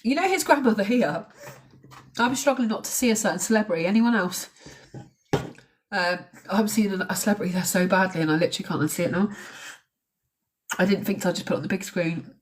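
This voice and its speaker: A woman's voice: mid-range voice, a little fast, pauses often. A woman talking casually on a live stream about a crime case, chatty and blunt, with the odd swear. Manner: chatty, swears, mocks accents.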